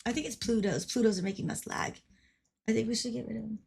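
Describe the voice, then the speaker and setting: A woman's voice: fairly high pitch, quick pace, vocal fry, darkish tone, breathy edge. A woman livestreaming in a casual, playful way, giggling and swearing now and then as she chats.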